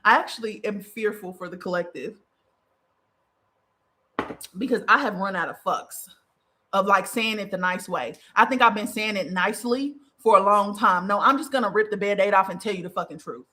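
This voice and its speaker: Blunt, profane woman, bright voice. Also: medium pitch, moderate pace. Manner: blunt, profane, emphatic with mocking quoted voices. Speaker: podcast host and spiritual advisor. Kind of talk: heated casual monologue.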